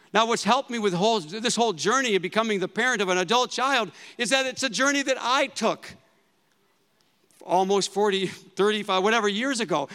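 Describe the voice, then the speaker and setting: A man's voice: high voice, pushed and bright. A man in his fifties preaching a sermon in a conversational way, repeating phrases for emphasis. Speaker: pastor. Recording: long hall reverb.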